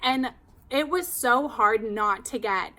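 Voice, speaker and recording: Woman hairstylist, higher voice, chatty and animated, casual storytelling. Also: takes it slowly. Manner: chatty, animated, heavy use of "like".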